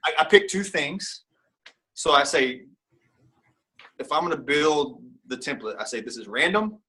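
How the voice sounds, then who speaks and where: A man's voice: a little high, expressive, unhurried, sharp tone, husky. A man speaking as a guest in a casual interview, rambling and candid, with lots of fillers and restarts.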